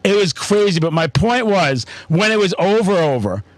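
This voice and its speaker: A man's voice: high voice, normal speed, no echo. A man telling stories in casual chat, swearing constantly and getting worked up. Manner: profane, excitable storytelling. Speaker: podcast host.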